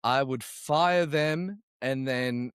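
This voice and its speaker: A man's voice: medium pitch, drawn-out words, smooth, no room sound, studio quality. A man co-hosting a podcast, joking and spinning stories, swearing freely in casual banter. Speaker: podcast co-host.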